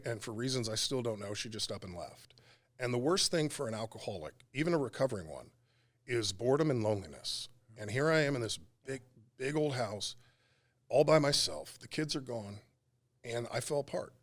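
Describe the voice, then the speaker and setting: Middle-aged radio guy opening up on a podcast, slow halting talk, lots of ums. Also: medium pitch, animated. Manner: halting, emotional storytelling with frequent pauses and fillers. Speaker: radio talk show co-host. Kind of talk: candid podcast interview.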